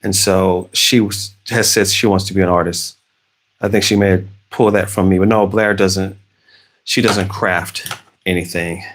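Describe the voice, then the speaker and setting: A man with a Southern American accent hosts a relaxed live stream, talking while he crafts. His voice sits on the low side, and his delivery is loose and meandering, full of restarts. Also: unhurried. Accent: American Southern, Arkansas. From Arkansas, USA. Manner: rambling, conversational, with many restarts. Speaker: livestream host. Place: home, crafting.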